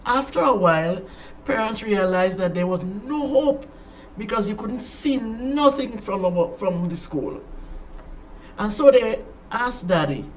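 A children's storyteller speaks slowly and dramatically, leaning on repeated phrases and ending with a prayer. The pitch swoops in a lively way while the pace stays unhurried. It sounds caught from some distance, with a faint ambient hum behind it.

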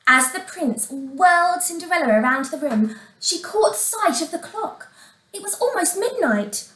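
A woman primary school teacher reads a fairy tale aloud to young children, slowly and expressively in a high, animated voice, now and then asking them questions. She is far from the mic and the recording sounds roomy and echoey.

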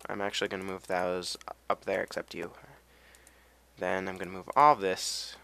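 A man's voice: sits low, level tone, moderate pace, vocal fry, bright, forceful tone, clean tone. A tired young man rambling through casual game commentary, with self-deprecating asides and a voice that cracks now and then. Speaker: let's play gamer.

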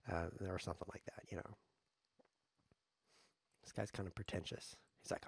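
A man's voice: low voice, huge pitch swings, normal speed, creaky, pauses often, breathy edge, dry recording. A man streaming live chess, commenting on his games in a sarcastic, joking way as he plays. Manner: sarcastic, joking, talks to himself while playing.

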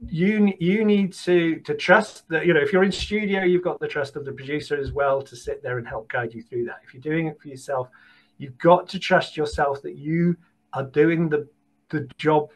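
A British man, an audiobook casting producer, giving encouraging advice in an animated way as a guest, often repeating and restarting words. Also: on the high side, moderate pace, rough recording. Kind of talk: conversational interview advice.

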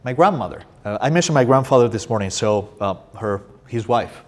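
Lively Spanish-accented man. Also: medium pitch, brisk. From Spain. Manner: restarts often, animated storytelling. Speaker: poetry translator and guest speaker. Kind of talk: answering audience questions. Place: university room.

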